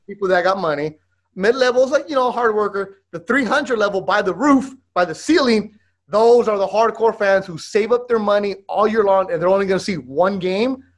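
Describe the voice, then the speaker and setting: A man, a podcast co-host telling stories in slangy, animated casual chat. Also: high-pitched, fairly quick.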